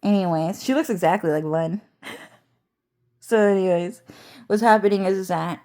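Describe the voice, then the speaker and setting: A woman's voice: medium pitch, moderate pace, mellow. A woman talking straight to her viewers in a loose storytime vlog. She rambles, swears freely and keeps breaking into laughter. She often stumbles and restarts her sentences as she goes. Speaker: vlogger.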